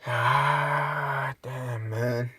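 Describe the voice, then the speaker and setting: A man voicing a stammering friend who mumbles in a low, hushed voice. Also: fairly even intonation, extremely slow, breathy edge, far from the mic, heavily acted. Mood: euphoric. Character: stammering man high and giddy, quiet and mumbly.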